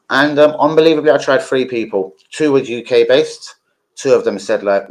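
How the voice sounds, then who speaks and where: Brief: young bloke streaming, low-ish voice, rambles, swears, lots of fillers. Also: male voice, moderate pace, rough recording. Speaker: football streamer. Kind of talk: casual live-stream chat.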